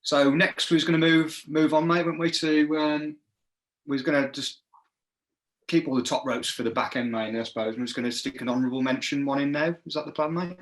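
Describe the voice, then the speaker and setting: A man's voice: on the high side, steady tone, a little fast. A man joining a casual beer review as a guest, laddish and forever calling his friend mate. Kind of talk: casual chat.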